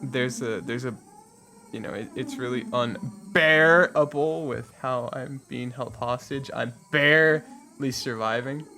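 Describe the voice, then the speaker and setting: A man's voice: mid-range voice, unhurried, sharp tone, slight background noise. A man hosting a let's play, chatting casually and joking through playful theories. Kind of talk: casual game commentary.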